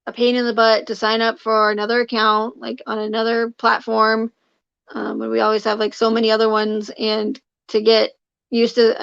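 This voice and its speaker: A woman with a fairly high but flat voice and a lot of gravelly fry, chatting casually to her live stream viewers. She rambles, restarts her sentences and leans on fillers. The audio is dull and lo-fi. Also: dry recording. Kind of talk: casual livestream chat to viewers.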